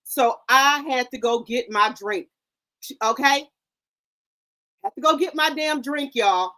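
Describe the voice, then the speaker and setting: Chatty high-voiced woman livestream host. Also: slow pace, pushed and bright. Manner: chatty, talks straight to the chat. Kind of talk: casual livestream chat. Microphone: headset or desk microphone.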